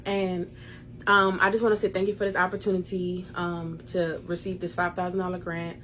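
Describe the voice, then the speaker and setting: A young woman with a low but bright voice gives a mock scholarship speech. She hesitates often with "um"s but stays earnest. Faint background noise sits under her. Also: level tone, moderate pace. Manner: earnest tone, filler "um"s. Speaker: daughter pranking her mother.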